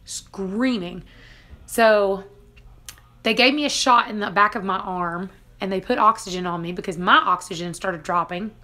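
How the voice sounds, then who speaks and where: A woman's voice: medium pitch, pushed and bright. A woman vlogger casually retelling a dramatic personal story, laughing now and then between lines. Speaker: family homestead vlogger.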